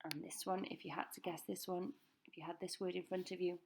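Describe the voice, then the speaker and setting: Gravelly woman teaching vocabulary. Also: fairly low pitch, flat delivery, a little mellow, a little hiss or hum. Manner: slow, careful pronunciation drills. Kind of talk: recorded classroom lesson. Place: school.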